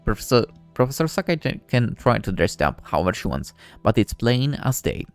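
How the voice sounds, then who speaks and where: A man narrating a visual novel in the voice of its male lead, with wry asides. His pitch swings widely, and the sound is dry and close. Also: big pitch swings, a little fast, dry recording, soft background music. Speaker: game let's-play narrator. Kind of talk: reading a visual novel aloud.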